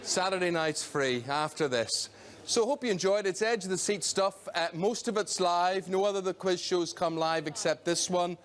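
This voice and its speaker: A man's voice: sits high, normal speed, a crowd in the background. A man hosting a game show, speaking to the studio audience with dry, self-deprecating humour.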